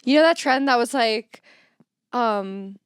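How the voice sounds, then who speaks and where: A young woman co-hosting a podcast in casual chat, playful and joking with quick giggles. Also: high voice, expressive, a bit bright, no echo, studio quality. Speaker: podcast co-host.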